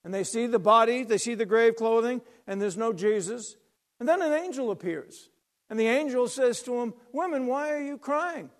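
A man preaching a sermon, retelling a scripture story dramatically, swinging from loud to hushed. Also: very high voice, moderate pace.

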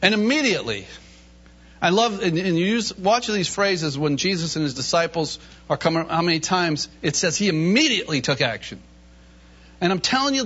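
A man preaching a sermon in an animated way, reading scripture and acting out the voices in it with laughter in between. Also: high-pitched. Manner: animated, acts out Bible voices, laughs often. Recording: dull lo-fi recording.

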